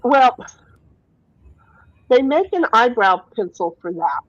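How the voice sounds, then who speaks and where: A woman's voice: on the high side, big pitch swings, takes it slowly, no room sound, lo-fi sound. A woman hosting a casual livestream, reading viewer comments aloud and chatting freely with occasional swearing. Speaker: livestream host.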